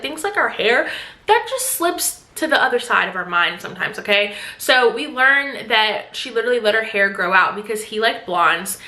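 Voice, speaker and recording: A woman's voice: on the high side, sharp tone, echoey room. A woman giving a chatty, casual book recap full of filler words. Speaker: book vlogger.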